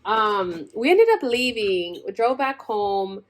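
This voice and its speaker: A woman's voice: mid-range voice, animated, slow. A young adult woman telling a long personal story in casual chat, rambling, full of "like" and exasperated asides.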